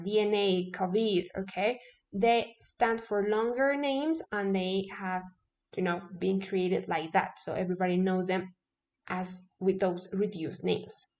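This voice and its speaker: Speaking at a medium pitch, a Spanish-native woman teaches English grammar one step at a time. She often pauses to ask "okay?" and fixes her own wording partway through sentences.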